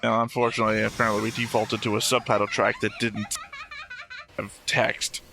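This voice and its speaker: A man's voice: fairly low pitch, level tone, a little fast, vocal fry. A man co-hosting an anime reaction show in casual, joking chat, explaining his reasoning at length.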